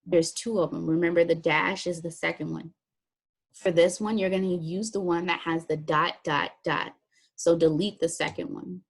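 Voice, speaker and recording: A woman's voice: lowish voice, steady tone, moderate pace, gravelly, slightly rough. A woman teacher walking students through a written assignment step by step, in a plain, practical way. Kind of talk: recorded classroom lesson walkthrough.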